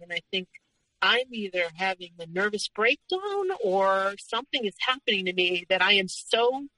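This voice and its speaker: A woman, a podcast guest, recounting a personal story in an earnest, halting way, pausing often on "um". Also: mid-range voice, pushed and bright, no room sound, rough recording.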